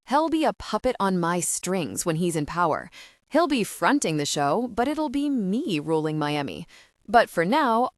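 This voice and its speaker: A woman narrating an audiobook in the first person, with steady, even storytelling. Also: on the low side, dry recording, studio quality. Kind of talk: scripted narration.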